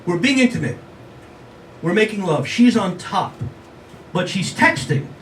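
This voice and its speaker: Older man, stand-up comic, high-pitched, self-mocking, chatty with the crowd, distant mic. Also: big pitch swings, measured pace, a bit bright, slight background noise. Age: 60s. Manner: self-mocking, conversational, addresses the audience directly. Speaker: stand-up comedian. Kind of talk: stand-up comedy set. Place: live venue with audience. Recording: roomy live sound from a distance, audible crowd ambience.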